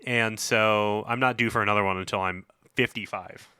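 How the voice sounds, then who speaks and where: A man's voice: lowish voice, fairly even intonation, normal speed, pushed and bright, smooth, no room sound, clean studio sound. A man in his forties, a board game podcast co-host, telling a long story in casual chat, rambling with lots of fillers.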